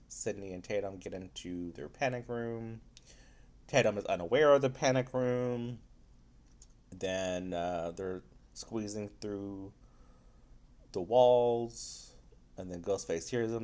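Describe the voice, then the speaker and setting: A man's voice: lowish voice, darkish tone. A man giving a casual spoiler review of a film, loose and rambling, with frequent swearing.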